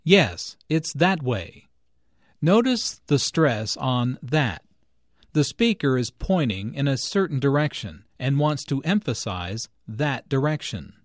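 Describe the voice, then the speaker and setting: Lively dry-voiced male lesson narrator. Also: medium pitch, no room sound. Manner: clear, deliberate, explanatory. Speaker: English teacher and narrator. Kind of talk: scripted language lesson narration.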